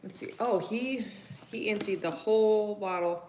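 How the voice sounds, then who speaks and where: A woman in her thirties with a mid-range voice talks at an unhurried pace over heavy background noise. She's a mother of three boys, chatting casually and rambling to viewers from her home kitchen on a phone mic as she does chores, laughing often.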